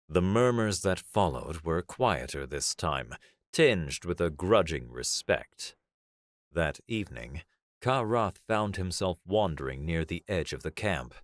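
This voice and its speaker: A man with a very deep voice and widely moving intonation narrates a science fiction audiobook. His read is measured, dramatic and unhurried, recorded dry and close to the mic.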